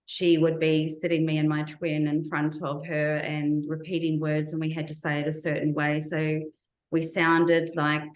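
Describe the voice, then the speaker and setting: A woman with a low voice tells her own story earnestly in an interview, slowly building up remembered details. The sound carries a noticeable echo from the room around her. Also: completely flat delivery. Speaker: interview guest. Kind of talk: personal testimony in an interview.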